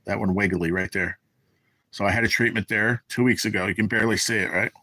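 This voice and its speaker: A man's voice: fairly low pitch, steady tone, quick pace, sharp tone, dry recording. A middle-aged man hosting a casual livestream, telling blunt, profane stories and answering chat. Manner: blunt, profane storytelling, reading chat aloud. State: sick, undergoing cancer treatment. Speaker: livestream host. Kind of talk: casual live-stream chat. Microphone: phone or webcam.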